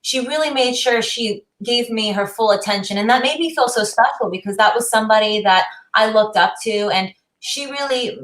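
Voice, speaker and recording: A woman boxer talks as a guest on a chat show, telling a story in an earnest, relaxed way. Her voice carries a clear room echo. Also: a little high, moderate pace, hardly any pauses. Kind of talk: casual storytelling. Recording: roomy echo.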